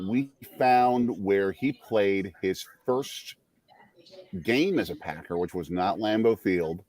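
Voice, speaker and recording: A man co-hosting a casual sports watch-along, chatting between stories and calling the plays as they happen. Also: lowish voice. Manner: chatty, jumps between stories and play calls. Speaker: podcast co-host.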